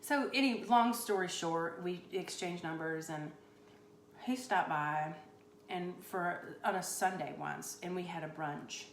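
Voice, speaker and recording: A woman's voice: lowish voice, a little slow, echoey room, slight background noise. A woman hosting a comedic cooking show on a live stream, rambling through a mock-boastful, tongue-in-cheek story.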